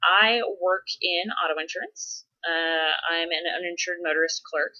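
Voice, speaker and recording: A woman's voice: on the low side, normal speed, sharp tone, lo-fi sound. A woman vlogging casually, answering follower questions in a chatty way with frequent laughs and dramatic exasperated asides. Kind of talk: casual chat.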